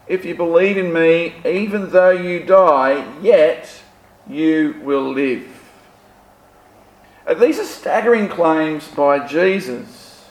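A man preaching a sermon in an echoey room, his voice set a little high for a man. He takes his time and leans on rhetorical questions and emphatic lines. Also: lively intonation, takes it slowly.

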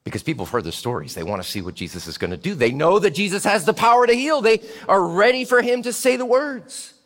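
A man preaching a storytelling sermon in a church. He is animated and dramatic and swings from hushed to loud. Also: high voice, fast. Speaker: pastor. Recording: long hall reverb.

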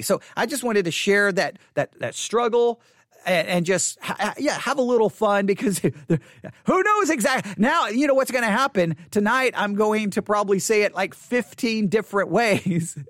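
A man's voice: sits high, fairly bright tone, no echo, studio quality. A man preaching as a pastor, speaking candidly and self-deprecatingly, often repeating phrases for emphasis. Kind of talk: sermon podcast.

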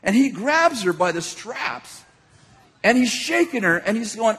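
Pastor type, high husky voice, lively laughing storyteller, echoey hall. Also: male voice, measured pace. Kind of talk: storytelling sermon. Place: large hall with an audience.

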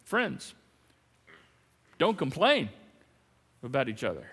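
A man preaching a sermon as pastor, animated and playful, swinging between loud emphasis and hushed lines. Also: medium pitch, slow pace, slightly rough, big-room sound. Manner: playful, jokey asides.

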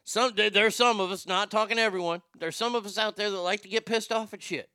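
Male host, sharp bright tone, ranting and cursing through stories. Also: sits high, steady tone, fast, clean tone, no room sound, studio quality. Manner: profane, ranting, fired-up storytelling. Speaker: radio show host. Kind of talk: talk show rant.

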